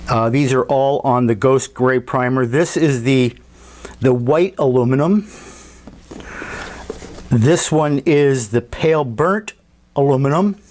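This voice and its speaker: A man talking casually about his scale model at a home workbench, unhurried and thinking aloud with fillers and restarts. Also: medium pitch, darkish tone. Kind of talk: casual hobby workshop walkthrough.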